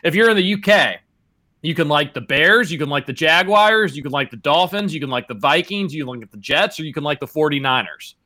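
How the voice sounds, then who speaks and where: A man's voice: a little high, expressive, a little fast, bright, forceful tone. A man co-hosting a casual sports podcast, wry and opinionated, rambling through his points. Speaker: podcast co-host.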